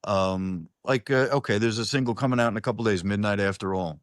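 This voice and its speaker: A man with a lowish voice chats as a musician guest over a video call. He rambles, stumbles and restarts, and drops a friendly "brother" or "man". The sound is dry with no room echo. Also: a little fast. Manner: rambling, many restarts, calls the host "brother". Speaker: singer-songwriter guest. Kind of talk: casual online interview.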